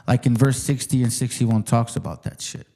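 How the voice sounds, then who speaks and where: A man's voice: mid-range voice, steady tone, normal speed, warm tone. A man hosting his own channel and ranting casually at his viewers. He sounds profane, mocking and combative, and he repeats words for emphasis. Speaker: channel host. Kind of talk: heated casual rant to viewers.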